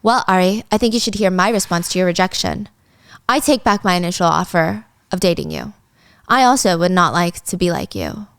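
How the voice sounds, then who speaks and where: A woman's voice: fairly low pitch, sing-song, fairly quick, clear, resonant tone, no room sound, studio quality. A woman voicing a snobbish rich young man, cold and condescending.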